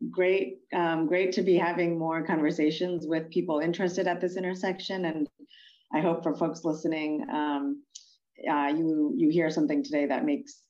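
Woman, low pitch, thoughtful and halting, many fillers, lo-fi audio. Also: a little mellow. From Pennsylvania, US. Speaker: interview guest. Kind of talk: conversational interview answers.

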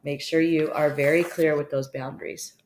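A woman hosting an advice show, speaking bluntly and calmly, with casual swearing, as she answers a listener's question. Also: low-pitched, moderate pace, slight background noise. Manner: calm, steady, instructive. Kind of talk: advice monologue.

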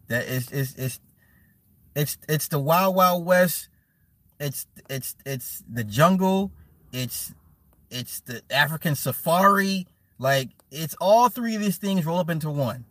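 A man hosting a casual livestream, reading chat aloud and riffing with loud laughs, mockery and swearing. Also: on the high side, unhurried, dry recording. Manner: animated, laughing, mocking, swearing.

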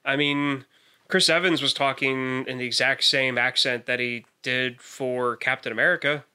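A man co-hosts a casual podcast chat. His voice is strikingly bright and sharp, and he rambles, starting sentences over and over before landing his point. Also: mid-range voice, fairly even intonation, normal speed, clear, resonant tone. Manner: rambling, restarts often. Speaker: podcast co-host.

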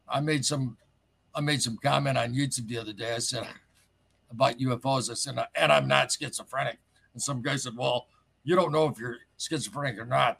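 A man telling a personal story in casual, rambling talk, excitable and full of asides. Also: medium pitch, creaky, slightly rough. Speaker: caller telling his story.

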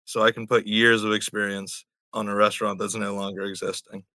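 A man with a very bright, sharp voice chats over a video call. He swears freely and laughs his way through rambling stories. His mic picks him up close and dry. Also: on the low side, little pitch movement, fairly quick, dry recording. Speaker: stranger met on video chat. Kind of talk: casual storytelling chat. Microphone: computer mic on video call.

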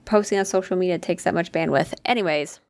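A woman's voice: fairly low pitch, fast talker, a little mellow, a little hiss or hum. A woman co-hosting a casual podcast, talking bluntly and swearing offhandedly. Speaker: podcast co-host. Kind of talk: casual chat.

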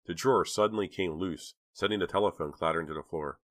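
Low male narrator, measured horror-thriller read, dry booth sound. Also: fairly bright tone, no echo. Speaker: audiobook narrator. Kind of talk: scripted narration.

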